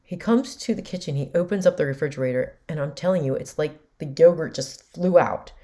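A woman's voice: low voice, brisk, warm tone. A woman in her forties candidly and emotionally retelling a family story with quoted dialogue, as a podcast host. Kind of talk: personal storytelling.

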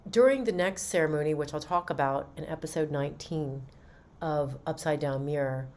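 A woman's voice: low voice, normal speed, a little mellow. A woman hosting a podcast, animatedly telling a personal story and recounting conversations. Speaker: podcast host.

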